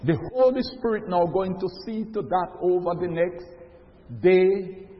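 A man's voice: high-pitched, a little slow. A man preaching a sermon, emphatic, stretching out the words he stresses. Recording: dull lo-fi recording with long hall reverb.

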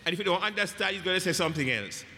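A man's voice: high-pitched, animated, rapid-fire, pushed and bright, a little hiss or hum. A man preaching a Bible study, emphatic and repetitive, asking the congregation questions as he teaches. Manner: emphatic, repeats phrases, asks the congregation questions. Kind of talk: sermon-style Bible teaching. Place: church hall. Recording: echoey hall with long reverb.

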